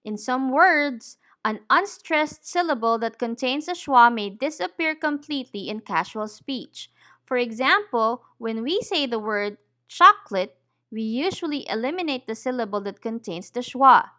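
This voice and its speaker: A woman teaching English pronunciation, saying each word deliberately and clearly. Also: on the high side, animated, a bit bright. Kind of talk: slow, careful pronunciation lesson.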